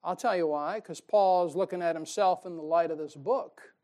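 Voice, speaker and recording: A man delivers a sermon in a folksy, emphatic style, laughing at his own jokes and moving between loud emphasis and quiet asides. His voice is a little high and his pace moderate.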